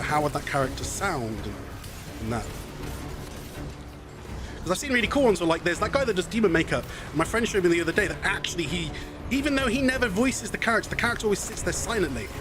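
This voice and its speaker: A man's voice: high-pitched, animated, fast talker, music in the background. A man streaming a video game, chatting in a rambling way and often laughing. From half Scottish. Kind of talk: live game stream commentary.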